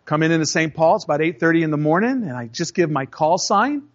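A man's voice: fairly high pitch, animated, fast, muffled recording. A man preaching a sermon in a conversational way, telling stories, acting out voices and speaking straight to his congregation. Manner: storytelling, acts out voices in anecdotes; conversational, addresses the congregation directly. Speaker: pastor.

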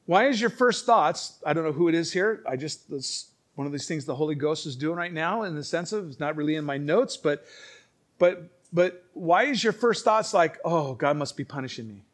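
A male pastor preaches an emphatic sermon in a voice a bit higher than most men's. He drops to quiet asides and then rises to loud, forceful lines. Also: animated, moderate pace.

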